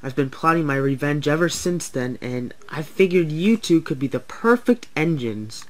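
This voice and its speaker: A man's voice: fairly high pitch, animated, normal speed, natural voice. A young man voicing a sly, scheming male toy engine plotting revenge in a homemade story.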